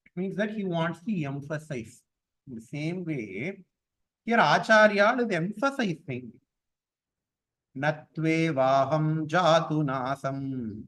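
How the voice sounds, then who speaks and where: A man teaching a class on scripture verses. He explains each point patiently with repetition and chants the verses slowly. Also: high voice, a bit bright, low-quality recording.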